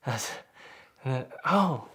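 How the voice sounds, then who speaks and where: A man with a gravelly, creaky voice tells a personal story in a relaxed, conversational way. He gets animated and jumps into the voices of the people he quotes. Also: medium pitch, moderate pace. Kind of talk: casual spoken anecdote.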